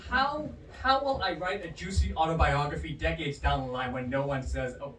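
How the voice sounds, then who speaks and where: Male stand-up comedian, fairly high voice, animated, roomy bar sound, heard from a distance. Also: normal speed, slight background noise. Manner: animated, swings his pitch wildly for punchlines. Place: bar comedy night with a live audience. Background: crowd laughter.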